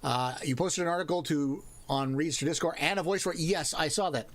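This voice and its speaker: A man's voice: fairly high pitch, brisk, fairly bright tone. A man hosting a casual livestream, chatting playfully with his viewers and greeting them as they arrive. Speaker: livestream host.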